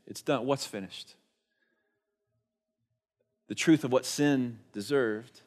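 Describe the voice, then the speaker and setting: This male pastor's sermon has a conversational feel, full of rhetorical questions, swinging from emphatic moments to hushed ones. His mid-range voice moves slowly, and he pauses often.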